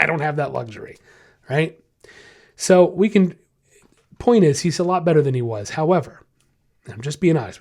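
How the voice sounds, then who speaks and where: A man's voice: fairly high pitch, darkish tone. A man hosting a podcast about dogs, telling a story in a blunt, frank and emphatic way. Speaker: podcast host and dog trainer. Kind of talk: casual podcast monologue.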